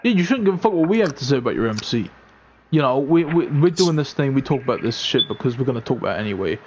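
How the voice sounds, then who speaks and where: Give me a fast-talking man ranting on a podcast. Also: medium pitch, sing-song, noisy background. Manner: fast, swearing rant. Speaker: podcast co-host. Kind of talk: casual chat.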